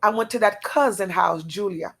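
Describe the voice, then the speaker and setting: A woman giving an emotional personal testimony, halting and repetitive, speaking earnestly. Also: mid-range voice, vocal fry, husky. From outside America.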